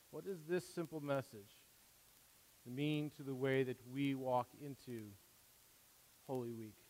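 A man preaching a sermon as pastor, earnest, with emphatic rises and quieter asides. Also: mid-range voice. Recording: long hall reverb.

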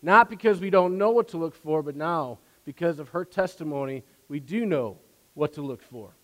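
A man's voice: fairly high pitch, normal speed, in a large hall. A man preaching a sermon as pastor, casual and full of fillers, building in force.

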